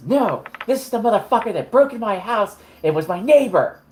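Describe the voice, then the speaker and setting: A man voicing a hot-tempered young woman who curses and shouts at people. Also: medium pitch, moderate pace, close to an everyday voice. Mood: furious. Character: furious young woman fighter, foul-mouthed.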